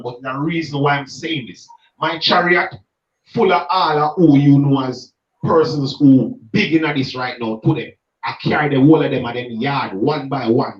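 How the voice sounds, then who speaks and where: An emphatic Jamaican man with a fairly high voice reasons like a street preacher, speaking in patois and pressing his points home. He sounds distant from the mic, in an echoey room, and the recording is muffled. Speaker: street gospel minister. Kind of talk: passionate reasoning conversation.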